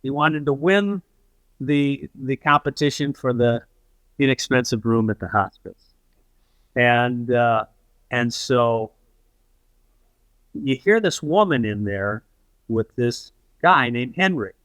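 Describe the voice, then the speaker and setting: A man, a podcast guest, telling a story in a conversational way, often pausing and restarting as he acts out what others said. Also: mid-range voice, fairly bright tone, dry recording. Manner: anecdotal, acts out quoted dialogue with halting restarts.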